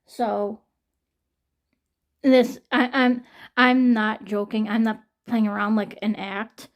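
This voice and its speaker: A woman's voice: a little high, level tone, slow. A young woman in an emotional personal vlog, venting and swearing, shaky and near tears from pain. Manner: distressed, venting, swearing often. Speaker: vlogger.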